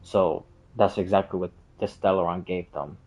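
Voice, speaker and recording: A man's voice: low-pitched, steady tone, moderate pace, a little mellow, rough recording. A man explaining game lore in a casual, rambling way, full of fillers and side tracks. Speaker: game streamer.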